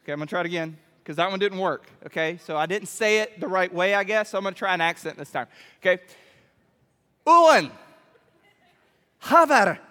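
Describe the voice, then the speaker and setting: A man preaching a playful sermon to a youth group, animated and constantly checking in with the room. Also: high-pitched, quick pace, few pauses. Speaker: youth pastor. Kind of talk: playful sermon with audience demo. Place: church hall. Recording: echoey hall reverb.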